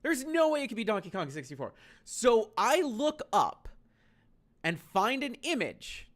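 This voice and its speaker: A man's voice: high-pitched, sing-song, unhurried, fairly bright tone. A man telling a story on a stream, profane, incredulous and exasperated.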